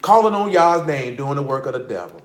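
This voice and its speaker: Blunt, animated preacher man in echoey room. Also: medium pitch, fairly quick. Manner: blunt, animated, slangy preaching with scripture reading. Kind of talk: street-style sermon.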